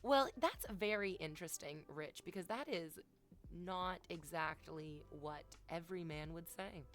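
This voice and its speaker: A woman's voice: lowish voice, a little slow, fairly bright tone, soft background music. A woman streamer chatting casually at home, playful and teasing, talking straight to her viewers. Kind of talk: casual live-stream chat. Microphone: desk microphone, off camera.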